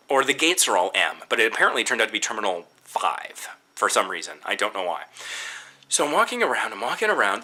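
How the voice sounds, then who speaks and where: A man casually recounting a travel anecdote in an exasperated, animated storytelling manner. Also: mid-range voice.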